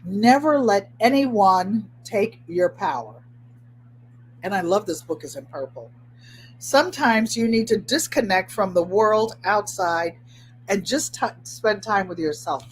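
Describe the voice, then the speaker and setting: A woman's voice: mid-range voice, lively intonation, measured pace, slight background noise. Chatty woman hosting a craft livestream. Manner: chatty, motivational, talks straight to viewers; repeats phrases for emphasis. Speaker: host of a craft channel. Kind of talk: casual livestream chat. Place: at home, indoors.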